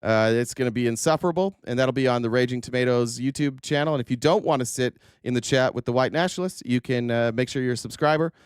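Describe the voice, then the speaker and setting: A man hosting a political commentary livestream, his voice smooth and resonant in a dry, close-miked sound. He talks sarcastically and curses freely, with frequent "uh" fillers and restarts. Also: mid-range voice, fast, hardly any pauses, no room sound. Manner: sarcastic, profane, filler-heavy. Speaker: livestream host.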